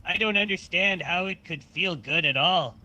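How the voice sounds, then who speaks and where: A man's voice: sits high, moderate pace, sharp tone, dull audio, slight background noise, voice pushed up. A man voicing a reluctant, whiny young man who keeps complaining.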